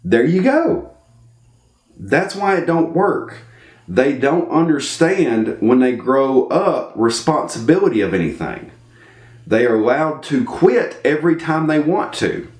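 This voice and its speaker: A man's voice: mid-range voice, measured pace. A man telling a story in casual talk and acting out the voices in it. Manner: animated, acts out the voices in his story. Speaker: storyteller giving life advice. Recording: echoey room.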